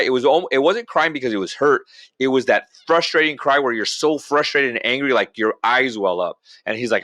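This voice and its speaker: A middle-aged veteran speaking as a podcast guest, telling motivational stories in a blunt, animated way and calling listeners bro. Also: male voice, medium pitch, a little fast, no room sound. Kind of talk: motivational storytelling.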